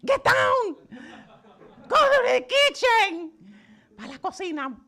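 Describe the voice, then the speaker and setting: A woman's voice: on the low side, very animated, slow pace, fairly bright tone, pitched above the performer's own voice, heavily acted. A woman voicing her superstitious, devout old grandmother, who swings between Spanish and English and calls on God. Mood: alarmed.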